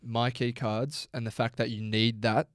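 A man's voice: medium pitch, level tone, unhurried, no room sound, clean studio sound. A young Australian man co-hosting a podcast, bantering casually and giving blunt opinions. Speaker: podcast co-host. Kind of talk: casual chat. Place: podcast studio. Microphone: studio mic.

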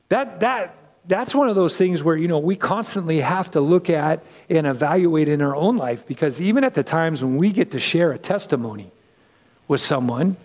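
A man's voice: on the high side, long reverb tail. A man preaching a conversational sermon, acting out the people in the story as he goes. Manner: conversational, animated, acts out voices.

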